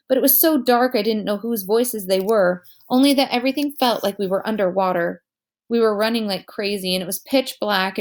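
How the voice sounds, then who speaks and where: A woman reading a children's novel aloud as narrator, telling it in a lively way and giving each character a voice. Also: fairly high pitch.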